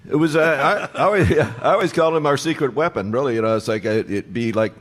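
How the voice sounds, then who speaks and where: A man in his sixties telling band road stories on stage before an audience, animated and acting out the voices of people in his stories. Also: medium pitch, fast talker. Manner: animated storyteller, acts out quoted voices. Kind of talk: onstage storytelling panel.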